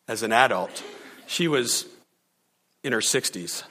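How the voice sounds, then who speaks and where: A man's voice: medium pitch, a little slow, pauses often, in a large hall. A man preaching a sermon as a pastor, telling a story with frequent laughs and acting out the quotes. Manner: animated storyteller, laughs often, acts out quotes.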